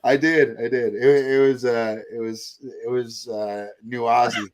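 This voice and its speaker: A man's voice: medium pitch, level tone. Rambling, joking male podcast host. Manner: joking, rambling, quick to laugh. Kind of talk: casual chat.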